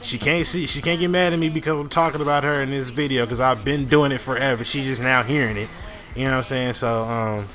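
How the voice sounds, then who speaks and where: A young gaming channel host tells a long, rambling story over gameplay, full of fillers, restarts, and frequent swearing. His mid-range voice is quick, sharp, and fairly even in intonation.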